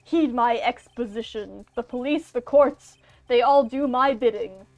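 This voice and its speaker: A woman's voice: fairly high pitch, unhurried, a little mellow, dry recording. A woman doing amateur voice acting for a smug, scheming male corporate villain in a video game, speaking in a pompous, grandiose way.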